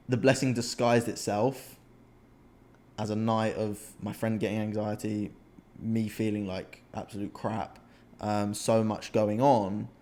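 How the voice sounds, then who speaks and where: Young uk man, podcast co-host, animated storyteller, repeats himself, casual chat. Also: lowish voice. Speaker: podcast co-host, men's coach.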